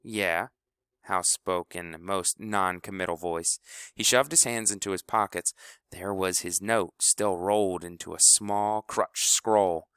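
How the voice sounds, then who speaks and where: A man narrates a storybook in a low, smooth, resonant voice with lively intonation. His reading is measured and expressive, and the sound is dry and close. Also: no echo. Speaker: audiobook narrator.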